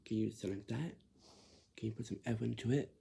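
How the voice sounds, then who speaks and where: A man's voice: on the low side, gravelly, warm tone, a little hiss or hum. A man in a casual spoken explanation who repeats himself, halts often and slips into whispers now and then. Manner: repetitive, halting, drifts into whispers.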